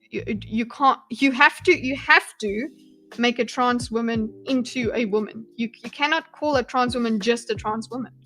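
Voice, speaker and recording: A woman's voice: a little high, bright, forceful tone. Woman streamer commenting over music. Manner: casual, thinks aloud with restarts, greets chat. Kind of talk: live reaction commentary on a debate.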